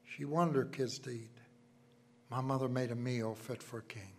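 An older man preaching a sermon, telling folksy personal stories and swinging from loud emphasis to hushed asides. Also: mid-range voice, fairly even intonation, moderate pace, slight background noise.

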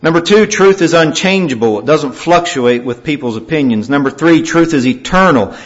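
A male preacher delivering a sermon, swinging from loud, emphatic scripture reading to quiet, grave warnings. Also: a little high, expressive, normal speed, hardly any pauses. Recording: dull lo-fi recording.

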